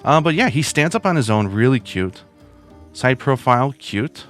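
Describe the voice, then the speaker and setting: A man's voice: mid-range voice, lively intonation, moderate pace, faint music behind. A man hosting a video and reviewing plush toys in a chatty, casual way, with lots of asides. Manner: chatty, with many fillers and asides.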